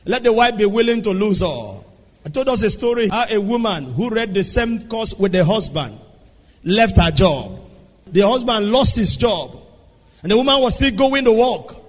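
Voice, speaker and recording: A man preaching a sermon, swinging from soft asides to shouted lines. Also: sits high. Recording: long hall reverb.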